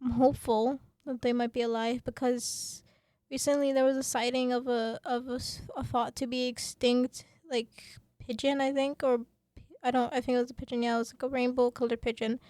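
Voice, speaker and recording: A woman hosting a student radio podcast, talking with passion and many fillers, then reading her script in a calmer presenter voice. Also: a little high, brisk, few pauses, dry recording. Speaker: podcast host.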